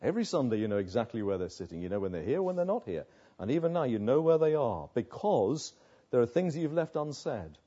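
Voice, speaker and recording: A man's voice: mid-range voice, very animated, quick pace, dark tone, breathy edge, dull audio. An older man preaching a sermon as pastor, earnest, often asking rhetorical tag questions.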